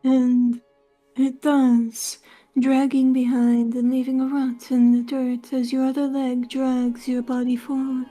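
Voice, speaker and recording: A woman narrates a live reading in a slow, measured way. Her voice is high but very dark and stays fairly flat. Faint music plays behind her. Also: poor audio. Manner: measured, with laughs between lines.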